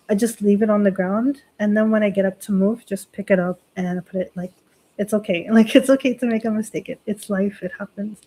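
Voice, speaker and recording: A woman talks with her viewers on a casual livestream, chatty and reassuring. Her voice is mellow and warm, with a middling pitch. Her talk is loose and full of fillers. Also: low-quality recording. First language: not Japanese. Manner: chatty and reassuring, many "like" fillers and light laughs. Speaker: Shinto priestess hosting a livestream. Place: lives in Japan.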